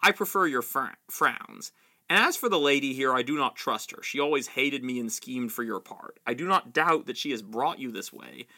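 A man's voice: mid-range voice, bright, forceful tone. Man voicing Saruman, spiteful fallen old wizard. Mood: scornful. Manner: sneering, whining and spiteful. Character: bitter fallen old male wizard, scornful beggar.

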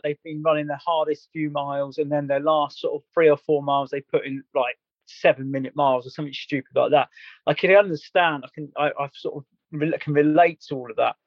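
A man's voice: fairly high pitch, dry recording, highs cut off. A man earnestly recounting a story in a candid podcast chat, rambling and restarting as he goes. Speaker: guest.

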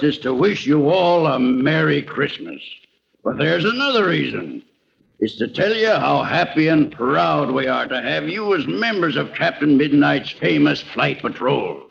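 A man earnestly reading a sponsor's holiday letter on an old radio program, in a deliberate, formal manner. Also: on the high side, gravelly, a bit bright. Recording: dull, faintly hissy old radio recording.

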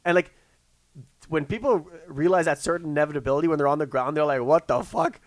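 Fast-talking man in rambling casual chat. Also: fairly high pitch. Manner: rambling, many restarts and filler words.

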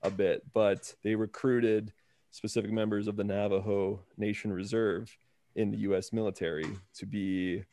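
Chill guy hosting a podcast, lowish voice, laughs a lot. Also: little pitch movement, normal speed, warm tone. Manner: laid-back, asks guests questions, laughs often. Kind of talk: casual chat.

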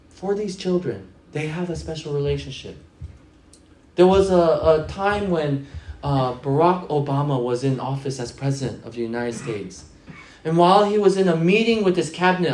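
In a room full of echo, a middle-aged pastor with a voice that sits high delivers a sermon. His preaching is built on storytelling, and he brings the characters to life by acting out what they say.

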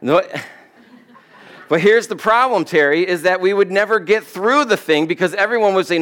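A male pastor giving a sermon in a loose, conversational way, often acting out quoted voices with sudden jumps up in pitch. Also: lively intonation, normal speed, fairly bright tone.

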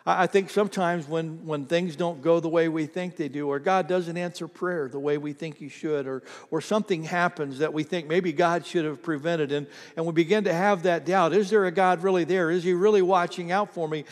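An older man preaching a sermon in church, telling a family story with halting restarts before building to emphatic calls. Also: fairly high pitch, fairly even intonation. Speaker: pastor. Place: church sanctuary. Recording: long reverb of a church hall.

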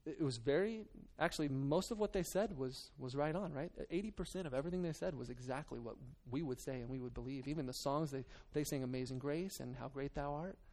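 A man's voice: mid-range voice, a little fast, hardly any pauses, a little mellow. A man preaching a sermon to his church, reading scripture, then talking in a loose, earnest way with many restarts and fillers. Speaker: pastor.

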